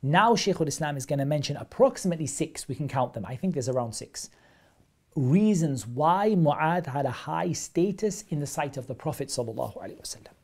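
A man's voice: fairly high pitch, expressive, brisk. A man teaching a live online religious lesson, explaining texts step by step and repeating phrases for emphasis. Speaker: Islamic studies teacher.

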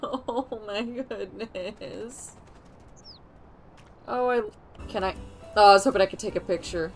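A woman's voice: mid-range voice, slow, slight background noise. A young woman streaming a game, giggly, flustered and playful as she comments on her play. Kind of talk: casual gameplay commentary.

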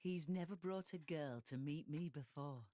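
An actress voicing a kindly, motherly village woman who talks calmly. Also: sits low, moderate pace, close to an everyday voice. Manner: kindly, calm.

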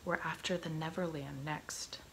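A woman's voice: low-pitched, fairly even intonation, unhurried, slight background noise, poor audio. A woman whispering a vain, short-tempered male pirate captain in a whispered role-play. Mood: gruff.

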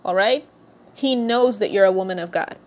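A woman's voice: medium pitch, normal speed, a little mellow. A woman minister reading scripture aloud and then preaching earnestly, speaking directly to her listeners. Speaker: prophetic minister.

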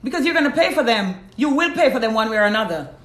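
Jamaican woman host, blunt live-stream advice, slightly high voice, echoey room. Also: very animated, fast, fairly bright tone. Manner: blunt, preachy, reads out viewer comments. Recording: roomy echo.

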